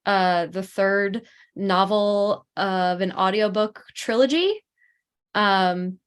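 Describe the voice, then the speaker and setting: A woman from the Philadelphia area, a working actress and voice-over artist, talks as a podcast guest. Her voice sits at a middle pitch. She is chatty and loose, with ums throughout. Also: slow pace, smooth. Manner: chatty, with frequent ums and light laughs. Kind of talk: casual interview chat.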